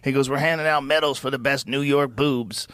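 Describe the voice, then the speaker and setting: A man's voice: medium pitch, fairly even intonation, brisk, a bit bright, smooth, dry recording. A middle-aged man hosting a podcast in casual chat, enthusiastic and often interjecting. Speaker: podcast host.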